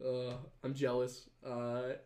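A man's voice: mid-range voice, completely flat delivery, slow pace, a little mellow. Guy hosting a podcast, reading comments, lots of ums and restarts, roomy echo. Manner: rambling, hesitant, lots of fillers and restarts. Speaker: podcast host. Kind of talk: casual chat, reading viewer comments.

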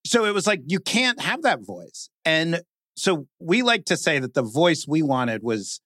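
A man in lively conversation, often saying "like" and mimicking stiff announcer voices. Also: on the high side, measured pace, dry recording, studio quality. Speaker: guest speaker, podcast creator. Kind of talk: animated conversational talk.

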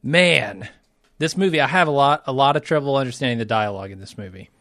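A man's voice: medium pitch, expressive, fast, fairly bright tone, no room sound, clean studio sound. A man co-hosting a podcast in a casual chat, wry and laid-back, swearing now and then. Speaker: podcast co-host.

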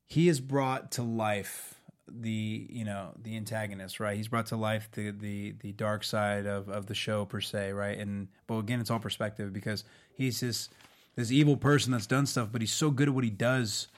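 A man's voice: on the low side, moderate pace. A man in his thirties co-hosting a casual show, telling stories with lots of energy and doing goofy voices when quoting people. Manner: animated storyteller, does goofy voices for quotes. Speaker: actor and podcast co-host. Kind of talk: casual chat.

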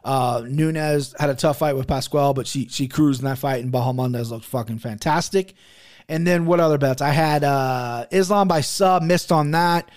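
A young man hosting a sports betting podcast, talking in an animated, profane, rambling way. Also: mid-range voice, normal speed. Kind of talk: casual chat.

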